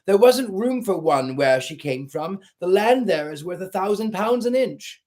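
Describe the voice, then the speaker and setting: A man's voice: high voice, animated, unhurried, darkish tone, voice pushed up. A man doing a fussy chorus of passengers.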